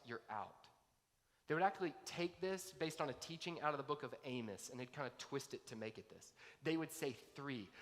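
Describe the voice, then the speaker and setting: A pastor preaching a sermon, piling up long lists with mounting emphasis. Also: male voice, on the high side, a bit bright. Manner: emphatic, building intensity through long lists. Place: church sanctuary. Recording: long hall reverb.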